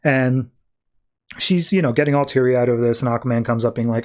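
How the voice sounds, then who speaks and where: A man's voice: medium pitch, fairly quick, a little mellow. A man hosting a podcast, casually recapping a comic book in a rambling, filler-heavy way. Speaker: podcast host.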